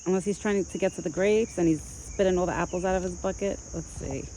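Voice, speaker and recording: This mid-range voice belongs to a gentle vlogger feeding a wild deer in a rural yard, crickets and faint outdoor ambience behind a slight hiss. It glides between raised, sing-song baby talk to the animal and unhurried, relaxed asides to viewers, a casual vlog that mixes narration with talking to the animal.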